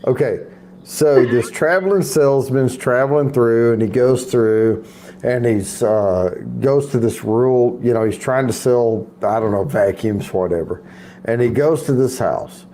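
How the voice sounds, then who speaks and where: A man's voice: mid-range voice, measured pace, mellow, slight background noise. A man telling a long joke in a casual chat, rambling through restarts and asides.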